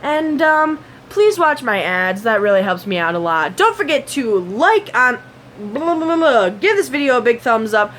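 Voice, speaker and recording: A woman's voice: on the high side, very animated, normal speed, hardly any pauses, fairly bright tone, a little hiss or hum. A woman vlogger casually telling a personal story to her camera, rambling and chatty, with lots of fillers and sound effects.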